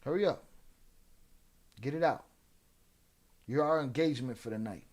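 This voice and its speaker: A livestream host with a medium-pitched, darkish voice talks at normal speed to his viewers. He drawls streetwise taunts and trash talk at trolls in the chat.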